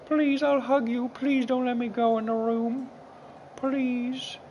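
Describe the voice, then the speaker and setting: A man voicing his young, energetic male housecat in a high, squeaky put-on voice, clingy and boastful. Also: slow pace, a little hiss or hum, heavily acted, low-quality recording. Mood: pleading.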